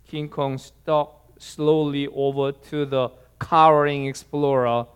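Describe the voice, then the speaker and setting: A man preaching a sermon, telling a story with a slow, deliberate delivery. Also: medium pitch, little pitch movement, smooth.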